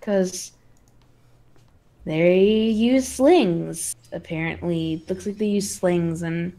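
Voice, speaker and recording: A woman's voice: fairly low pitch, takes it slowly, mellow. A woman co-hosting a casual podcast, asking questions and chiming in with short acknowledgements. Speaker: podcast co-host. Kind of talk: casual chat about tabletop game world-building.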